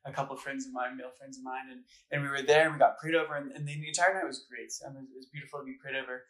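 A man's voice: medium pitch, steady tone, rapid-fire, a bit bright, rough recording. A man speaking as a campus minister, giving a casual faith talk to students in an earnest, personal storytelling way, full of "like" and "um". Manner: conversational, full of "like" and "um" fillers. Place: gathering room at a campus center, live audience.

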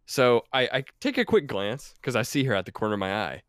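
A man's voice: medium pitch, very animated, a little fast, fairly bright tone, clean tone, no room sound, clean studio sound. Laid-back rambling young man. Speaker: podcast regular. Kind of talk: casual storytelling.

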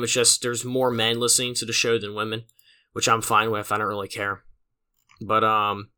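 A man's voice: fairly low pitch, sharp tone, smooth. A teenage man hosting his own podcast, rambling casually with lots of fillers and self-deprecating asides. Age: late teens. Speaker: podcast host. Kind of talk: casual solo podcast monologue.

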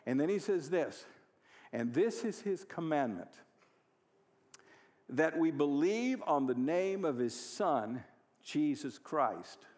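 Man, pastor, sermon, fervent preaching, fairly high voice, long hall reverb. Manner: builds from quiet storytelling to loud, fervent preaching. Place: church hall.

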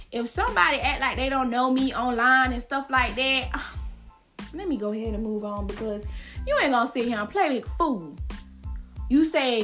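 Brief: high-pitched woman host of a gossip podcast, sassy and slangy. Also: fairly bright tone. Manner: sassy, repeats lines for emphasis, slangy. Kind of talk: casual solo gossip podcast.

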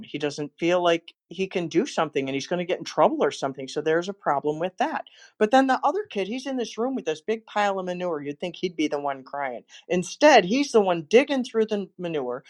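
A woman with a fairly low voice hosts a motivational podcast. She talks in an encouraging, storytelling way as she gives an inspirational talk. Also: big pitch swings, normal speed. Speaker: motivational speaker and podcast host.

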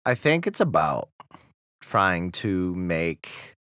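A man's voice: low voice, very animated, extremely slow, fairly bright tone, dry recording, studio quality. A man with a New England accent co-hosting a podcast, talking in a slurred, mumbly way and laughing often. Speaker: podcast co-host. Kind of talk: casual podcast chat and reading.

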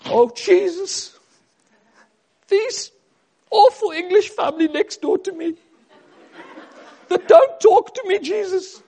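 A man voicing a kindly, devout older woman neighbour with an Afrikaans accent, speaking sweetly and fervently in a high put-on voice. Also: slow, long pauses, dark tone, heavily acted. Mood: fervent prayer.

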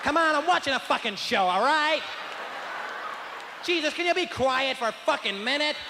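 A man voicing an irritated white man in an audience who scolds and shouts at the people around him. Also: very high voice, lively intonation, normal speed, background noise, voice pushed up. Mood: annoyed scolding. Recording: echoey live hall with loud crowd.

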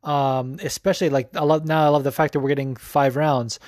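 A man's voice: on the high side, flat delivery, a little fast, darkish tone, no echo, studio quality. A young man hosting a podcast, giving casual, profane sports commentary full of fillers. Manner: loose and profane, lots of fillers. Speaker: podcast host.

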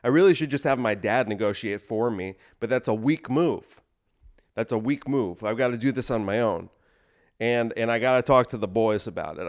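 A man hosting a podcast, delivering a rambling, self-deprecating comic monologue. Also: medium pitch. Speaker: podcast host.

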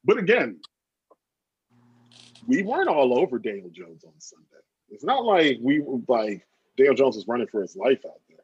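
A husky-voiced man talking football with a lively, swinging delivery. He swears freely and hammers his predictions home. The sound is dry and a bit dull, like a lo-fi recording. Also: medium pitch, normal speed, pauses often, no echo. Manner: emphatic, swearing, making bold predictions. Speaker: podcast co-host. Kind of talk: casual sports chat.

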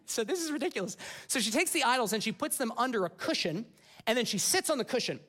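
A man preaching a sermon, retelling scripture in an animated, casual storytelling manner. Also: very high voice, fast talker. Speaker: pastor.

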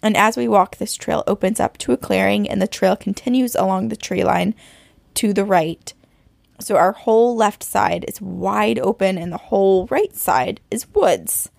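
A woman co-hosting a podcast, reading a listener's frightening story aloud with suspense and slowing down at the tense parts. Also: mid-range voice, gravelly, darkish tone, dry recording. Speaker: podcast co-host.

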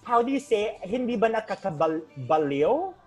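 A woman's voice: mid-range voice, big pitch swings, moderate pace, darkish tone, husky, soft background music. A woman with a Filipino accent co-hosting a casual online chat show, teasing and playful, mixing English and Tagalog. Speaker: co-host.

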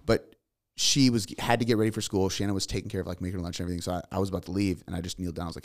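Male podcast host, animated storyteller, low voice with fry. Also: racing. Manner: animated storyteller who acts out quotes. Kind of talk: casual chat.

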